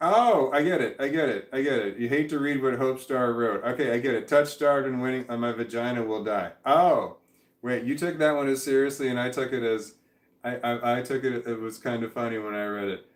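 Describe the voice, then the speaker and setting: A man casually reading viewer comments aloud on a stream at home, halting, repeating words and stumbling over names as he goes. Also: mid-range voice, reverberant. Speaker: vlogger reading chat comments. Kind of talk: casual livestream chat. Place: indoors at home with his dog. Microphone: webcam.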